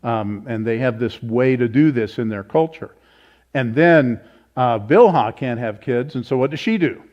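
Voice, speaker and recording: A man's voice: mid-range voice, moderate pace. Male pastor, casual Bible study teacher, chatty and self-correcting, somewhat muffled church recording. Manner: informal, thinks aloud, self-corrects. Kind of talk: conversational Bible teaching with audience questions. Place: church meeting room. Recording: slightly dull, lo-fi.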